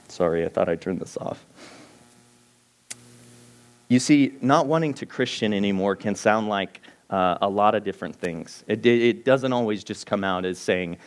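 A man's voice: on the low side, normal speed. A man preaching to his congregation in an earnest, storytelling way, acting out his own prayers and often restarting his sentences. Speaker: pastor. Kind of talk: sermon. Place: church sanctuary before a congregation.

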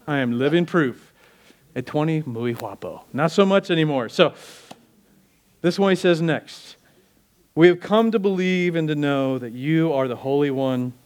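A middle-aged man preaching a sermon as pastor, emphatic and full of rhetorical questions, building to fervent peaks. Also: fairly high pitch.

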